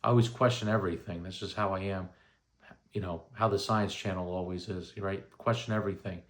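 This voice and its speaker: Rambling man in his thirties, lowish voice. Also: steady tone, a little fast, a bit bright. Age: 30s. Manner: rambling, filler-heavy with frequent "you know" and "right?". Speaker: vlogger recounting paranormal experiences. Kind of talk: casual first-person storytelling.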